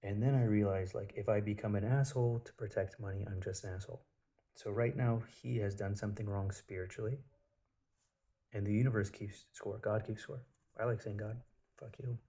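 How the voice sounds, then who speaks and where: A man's voice: fairly low pitch, fairly even intonation, fairly quick, mellow. A man telling a personal story in a casual spiritual monologue, blunt and profane, with lots of filler words.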